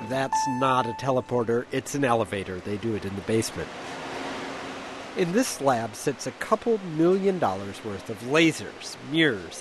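A man narrating a scripted radio news science feature as a reporter, with a wry, lively delivery. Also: medium pitch, very noisy.

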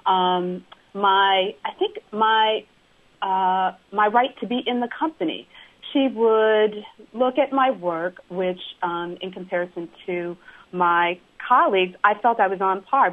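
A woman caller speaks in a measured way, pausing often with "um" as she collects her thoughts. Her voice has a middle pitch and comes through a thin, narrow phone line. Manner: measured, with frequent um pauses. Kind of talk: call-in radio.

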